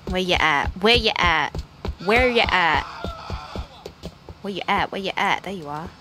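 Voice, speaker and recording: A woman giving playful, excitable commentary over her video game playthrough. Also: lowish voice, a little slow, noisy background. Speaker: gameplay streamer. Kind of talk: casual gameplay commentary.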